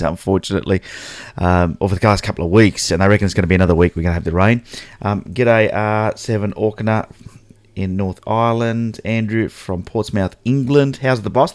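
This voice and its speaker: A man's voice: lowish voice, no echo, studio quality. A man with an Australian accent hosting a casual photography live stream, chatting loosely and greeting viewers by name. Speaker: photography livestream host.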